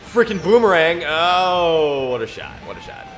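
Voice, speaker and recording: A man streaming a racing game who reads scripture in a solemn, drawn-out way between bursts of game commentary. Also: high voice, wildly swooping pitch, fairly bright tone, soft background music. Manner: slow, drawn-out mock-biblical delivery. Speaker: gaming streamer.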